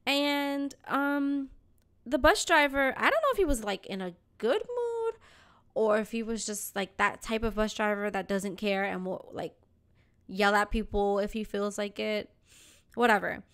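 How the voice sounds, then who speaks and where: A young woman hosting a podcast, telling a story in casual chat, animated and acting out the voices of people in it. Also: mid-range voice, a little slow, smooth. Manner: animated, acts out voices in her stories, swears casually. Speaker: podcast host.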